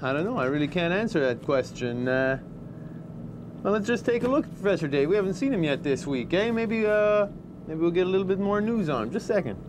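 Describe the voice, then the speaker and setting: A man's voice: high voice, expressive, fairly quick, background noise. A man hosting casually, hesitant and full of fillers. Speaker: host.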